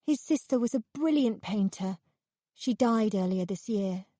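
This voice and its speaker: A woman voicing a naive, excitable young woman painter in an audiobook, squealing and eager. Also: medium pitch, unhurried, no echo, studio quality, voice pushed up. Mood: gushing.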